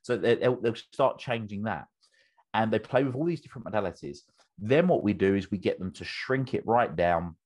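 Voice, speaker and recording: A man's voice: lowish voice, moderate pace, darkish tone. A British man, a business coach, explaining a method with enthusiasm as an interview guest, often restarting his sentences.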